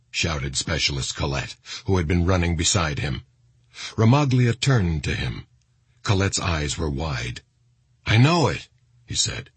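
Deep, very husky male narrator. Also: no room sound. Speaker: audiobook narrator. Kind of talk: scripted narration.

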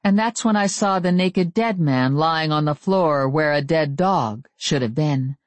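A woman reading a first-person novel aloud, with measured, wry storytelling. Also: low voice, no echo. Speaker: audiobook narrator.

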